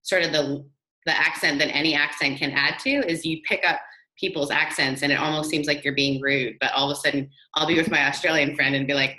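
Low-voiced chatty woman pastor, mixed accent. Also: steady tone, a little fast, bright, forceful tone, poor audio. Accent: mixed British, Canadian and Southern US. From Canada. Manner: chatty and self-deprecating, lots of "like" and "um". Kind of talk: podcast interview.

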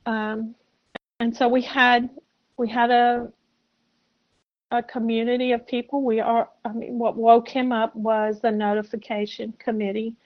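A woman in her sixties from South Carolina, a podcast guest telling a personal story in a soft, halting, reflective way. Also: a little high, flat delivery. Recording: muffled lo-fi audio.

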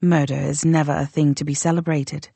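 A woman reading as an imperious ruler drawls her words lightly, sounding amused with menace beneath. The voice is low and dry, recorded close for an audiobook. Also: level tone, brisk, creaky, dark tone, breathy edge, dry recording, full character voice.

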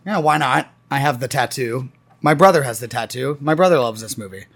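A man hosting a casual movie podcast, talking in a lively, easily amused way. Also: medium pitch, fairly quick, gravelly. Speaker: podcast host. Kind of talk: casual chat.

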